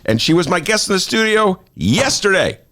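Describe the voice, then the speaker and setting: A man's voice: high-pitched, big pitch swings, moderate pace, fairly bright tone, slight background noise. A man hosting a talk show in a studio, joking and self-mocking in a playful monologue. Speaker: host.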